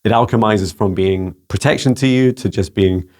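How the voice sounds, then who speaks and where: A Scottish man, a spiritual mentor answering viewer questions in a casual video, speaking gently and soothingly with many halting repeats. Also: on the low side. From Scotland.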